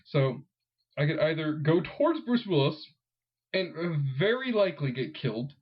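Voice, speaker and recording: A man's voice: on the high side, big pitch swings, moderate pace, breathy edge, dull audio. A man co-hosting a podcast, telling a rambling comic story with many fillers. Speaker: podcast co-host. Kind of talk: casual comedic storytelling.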